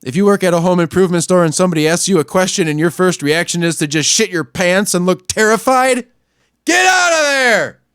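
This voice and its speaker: A man with a high voice rants crudely into the mic, jumping between low grumbling and sudden yelling. The sound is dry and close, with no room echo. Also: fast talker, few pauses, smooth. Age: adult, not much older than a young store clerk. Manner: angry, crude, swings between muttering and yelling. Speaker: podcast host. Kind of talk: profane ranting monologue.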